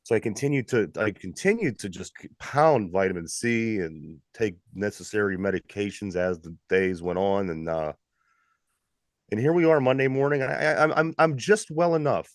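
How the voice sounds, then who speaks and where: Pittsburgh man, podcast co-host, animated delivery with lots of restarts, just recovering from illness. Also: on the low side, moderate pace, dry recording, clean studio sound. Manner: animated, repeats words while talking. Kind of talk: casual sports podcast chat.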